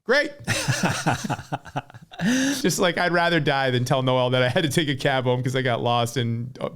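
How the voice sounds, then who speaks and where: An American man in his forties talks casually as a podcast guest. He tells his stories with lively energy, leans on "like" as a filler, and sits at an everyday middle pitch. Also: a little slow, smooth. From United States. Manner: animated storyteller, many "like" fillers. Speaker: podcast guest, former pro cyclist. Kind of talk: casual chat.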